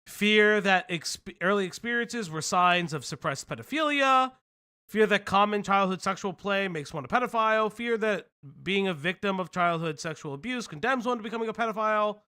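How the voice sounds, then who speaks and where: A man co-hosting a reaction stream, talking in a loose, animated way, often laughing and swearing. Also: high voice, normal speed, smooth. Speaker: stream co-host reacting to a video. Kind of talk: casual reaction stream chat.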